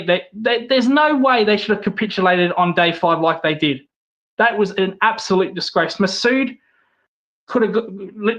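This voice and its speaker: Heated high-voiced Australian man. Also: a bit bright. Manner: heated, blunt, repeats himself when riled. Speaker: podcast guest, cricket fan. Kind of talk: casual podcast chat.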